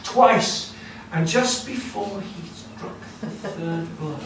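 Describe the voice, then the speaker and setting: Lively male storyteller in an echoey room. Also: sits high, takes it slowly, few pauses, recorded from a distance, a crowd in the background. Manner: lively, conversational, with asides to the audience. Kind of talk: live folk-tale telling. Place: storytelling cafe. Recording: echoey room heard from afar with noise.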